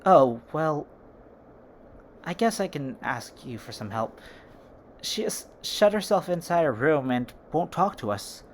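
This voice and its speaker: A fan storyteller voicing a worried middle-aged mother who speaks softly and hesitantly. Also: mid-range voice, very animated, unhurried, a little hiss or hum.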